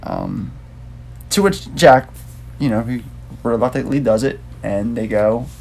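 A man's voice: mid-range voice, measured pace, vocal fry, darkish tone, slight background noise. A man co-hosting a casual movie review podcast, talking in a loose, rambling, laid-back way. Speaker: podcast co-host.

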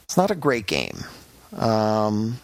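A man's voice: fairly low pitch, huge pitch swings, takes it slowly, dry recording. A man hosting a podcast, giving a frank, rambling game review in casual chat, with many fillers and restarts. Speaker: podcast host reviewing games.

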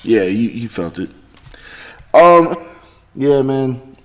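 A man hosting his own podcast, talking in a rambling, profane monologue that swings between loud excitement and low mutters. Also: slow pace, slight background noise. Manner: rambling, heavy swearing, self-correcting. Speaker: podcast host. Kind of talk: casual solo monologue.

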